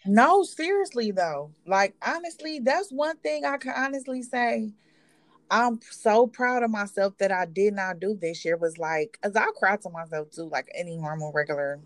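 A woman with a mid-range, animated voice co-hosts a podcast at normal speed, with no echo. It's casual chat among friends: she talks loosely and profanely, laughs often, and sounds a little tipsy.

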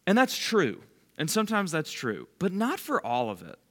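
A man's voice: sits high, huge pitch swings, normal speed, fairly bright tone. A man leading a bible study, giving a casual, conversational sermon and quizzing his listeners by name. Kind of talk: casual sermon to a small group.

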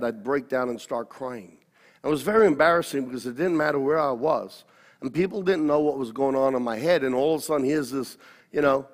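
Earnest pastor in his sixties. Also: mid-range voice. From Australia. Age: 60s. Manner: earnest, storytelling, repeats and corrects himself. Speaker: pastor, interview guest. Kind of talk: personal testimony. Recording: long hall reverb.

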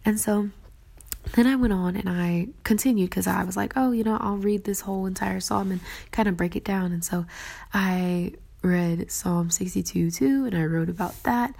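A woman giving a casual devotional talk about her journaling, earnest and reflective, often dropping into a soft whisper. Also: mid-range voice, normal speed, gravelly. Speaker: faith vlogger sharing her journaling.

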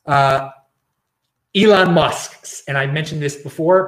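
A man's voice: fairly high pitch, a little slow, a bit bright, roomy sound. A man hosting his own show, ranting in casual commentary and often repeating and restarting words. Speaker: show host.

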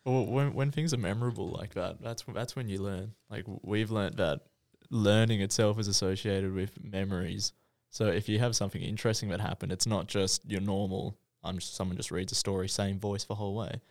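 A man in a casual podcast chat, explaining his thoughts in a reflective, measured way. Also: on the low side, fairly even intonation, a little mellow, dry recording, studio quality. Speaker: podcast co-host or med student.

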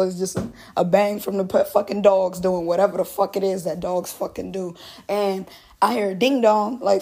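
A woman in her twenties hosts a podcast in a loose, casual monologue. Her voice is gravelly with a husky, breathy edge. She swears freely, laughs often and keeps the story rolling. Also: mid-range voice, mellow. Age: 20s. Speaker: podcast host.

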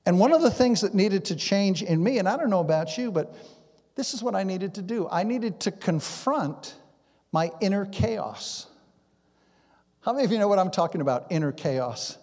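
A pastor preaching a sermon, acting out conversations and dropping to a hush at times, in a church sanctuary. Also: male voice, high-pitched, normal speed. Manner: animated, acts out conversations, drops to a hush. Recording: long reverb in a big hall.

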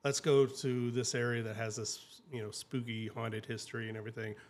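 A man's voice: medium pitch, fairly even intonation, fairly quick. A man hosting a travel show, chatting casually and enthusiastically, with many fillers and restarts.

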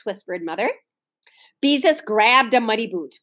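A woman's voice: on the high side, moderate pace. A woman reading a children's book aloud, talking directly to young listeners between passages. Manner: animated, doing children's voices, talks to listeners directly. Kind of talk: read-aloud storytime for kids.

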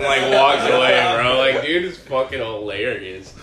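A man's voice: mid-range voice, normal speed, hardly any pauses, crowd noise. A man telling a rambling, profane story in casual chat among friends. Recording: echoey room with faint noise.

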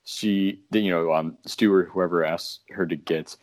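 Low-voiced amused young man. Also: steady tone, a little slow, darkish tone, no room sound. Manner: amused, filler "um", quoting lines. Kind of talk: casual movie discussion.

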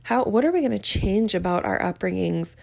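Candid woman with a gravelly voice. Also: medium pitch, lively intonation, a little fast, darkish tone. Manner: open, emotional, laughs often, vivid. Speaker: podcast host. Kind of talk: candid personal talk.

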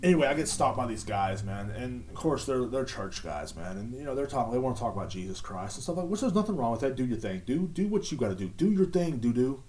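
A man's voice: medium pitch, lively intonation, quick pace, few pauses, a little mellow. A man hosting a casual solo podcast, rambling through jokey stories with lots of fillers. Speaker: podcast host.

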